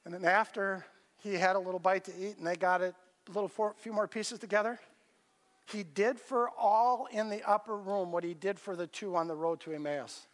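A man's voice: high-pitched, fairly even intonation, moderate pace, long reverb tail. A man preaching a conversational sermon as a pastor, acting out the scripture dialogue in varied voices.

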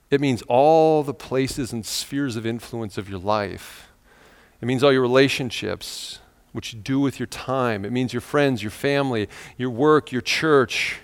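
Pastor preaching in an echoing hall. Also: male voice, medium pitch, unhurried. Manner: conversational, earnest, with rhetorical questions. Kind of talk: sermon. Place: church sanctuary.

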